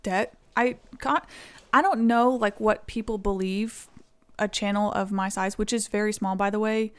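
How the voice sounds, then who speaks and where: A woman's voice: medium pitch, steady tone, moderate pace, smooth. Woman, Tennessee accent, young adult, casual stream chat, chatty. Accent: Southern US (Tennessee). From East Tennessee, USA. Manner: chatty, thanks viewers, laughs often.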